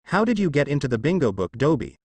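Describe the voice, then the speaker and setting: A man's voice: fairly high pitch, big pitch swings, fast talker, darkish tone, slightly rough, no echo. A man voicing an arrogant, jealous young male ninja making demands.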